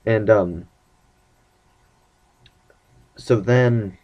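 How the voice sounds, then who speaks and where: Speaking slowly in a lowish, mellow voice, a teenage boy vlogs casually about his relationship. He rambles and acts out the quoted dialogue as he retells conversations.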